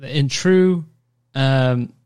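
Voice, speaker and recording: A man co-hosting a casual radio-style show, chatty and easily excited. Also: medium pitch, extremely slow, clear, resonant tone. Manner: chatty, excitable, cooing over fireworks. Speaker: podcast co-host.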